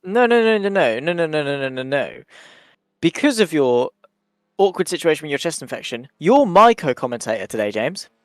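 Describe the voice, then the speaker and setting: Guy doing race commentary, slightly high voice, reels off the results quick then jokes around, dry close mic. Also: very animated, dry recording. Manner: brisk results rundown, teasing. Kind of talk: live race commentary and banter.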